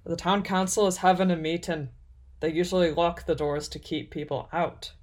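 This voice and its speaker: A woman doing a gruff, curt half-orc man. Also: on the low side, steady tone, normal speed, darkish tone, natural voice. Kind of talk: storybook character voice.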